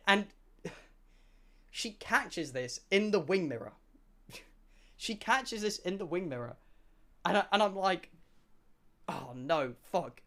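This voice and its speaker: A man's voice: sits high, a bit bright. A young British man in his twenties telling rambling, swear-filled stories on a livestream. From United Kingdom. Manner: rambling, swears a lot, many restarts. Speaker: streamer. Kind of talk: casual storytelling on a livestream.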